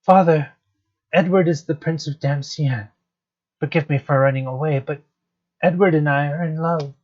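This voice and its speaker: A man reading the lines of a gentle young princess from a game, softly. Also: fairly high pitch, fairly even intonation, normal speed, voice pushed up, lightly acted. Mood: tender. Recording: dull lo-fi stream audio, faint guitar music.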